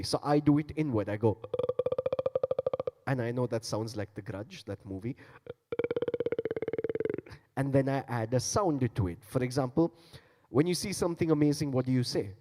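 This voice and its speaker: Playful beatboxer in an echoing hall. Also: male voice, medium pitch, mellow. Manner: playful, coaxing the audience to join in. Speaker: beatboxer giving a talk. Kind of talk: interactive stage talk and demonstration. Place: large conference hall. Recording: long hall reverb.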